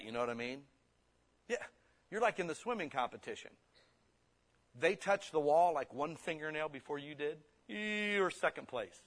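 A man preaching a sermon, blunt and forceful, slipping into quick mimicked excuses. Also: on the high side.

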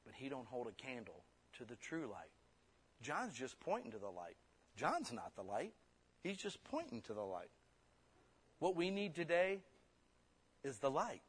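A man preaching a sermon, blunt and forceful, slipping into quick mimicked excuses. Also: medium pitch, huge pitch swings, husky.

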